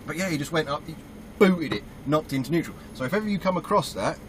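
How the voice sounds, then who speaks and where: A British man, a truck driver, telling a story about his work in a casual, animated way and acting out his own reactions. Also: a little high, fast, slight background noise, low-quality recording. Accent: British English. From United Kingdom.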